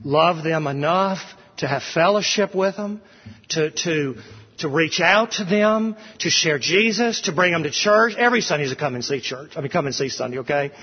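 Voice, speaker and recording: A man's voice: on the high side, expressive, normal speed, husky. A male pastor preaching an expository sermon in a church sanctuary, earnest and emphatic, repeating phrases for emphasis. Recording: dull recording with long hall reverb.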